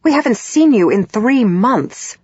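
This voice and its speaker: A woman's voice: a little high, big pitch swings, a little slow, a little mellow, breathy edge, dry recording, muffled recording, voice pushed up, full character voice. A woman voicing a critical, controlling middle-aged mother in an audiobook, with a cold, reproachful manner. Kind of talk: audiobook character voice.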